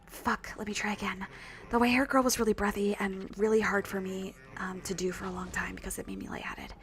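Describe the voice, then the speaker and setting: A woman's voice: medium pitch, normal speed. A woman streaming a video game and chatting casually with viewers, rambling and self-deprecating, with lots of fillers. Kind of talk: casual gaming stream chat.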